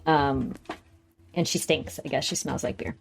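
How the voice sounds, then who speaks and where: A woman's voice: very deep voice, steady tone, unhurried, vocal fry, slight background noise. A woman co-hosting a podcast, chatting casually as she recaps a TV episode and acts out the characters' lines. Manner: retells scenes, acting out characters' lines in a raised voice. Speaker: podcast co-host.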